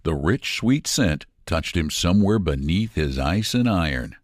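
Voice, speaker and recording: Brief: male narrator, expressive storybook reading, lively intonation, dry close mic. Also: low-pitched, a little slow, dry recording.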